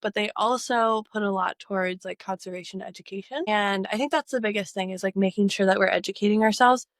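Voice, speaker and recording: A woman's voice: mid-range voice, steady tone, brisk, no room sound. A woman hosting a birding show, chatting casually and playfully with a guest outdoors in a city park. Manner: playful, jokey, slips into put-on voices. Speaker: birding host.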